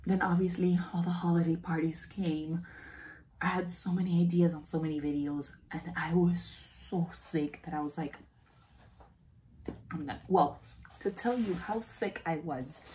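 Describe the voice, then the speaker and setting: Young woman vlogger, low-pitched, chatty storyteller, mimics voices, a bit sick. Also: measured pace, pauses often, a little hiss or hum. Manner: animated, acts out quoted dialogue, laughs often; chewing while talking. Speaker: beauty vlogger. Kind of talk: casual storytelling. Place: home.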